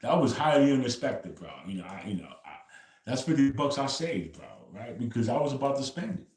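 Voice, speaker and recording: Man, livestream host, casual rambling talk, constant "bro", ordinary pitch, reverberant room. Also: very animated, brisk, a little mellow. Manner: loose storytelling, says "bro" after nearly every phrase.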